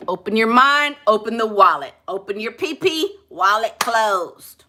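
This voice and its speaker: This relationship coach from New Orleans speaks in a fairly high, bright voice that is expressive and forceful, yet unhurried. Her advice on relationships is blunt, sassy and colloquial.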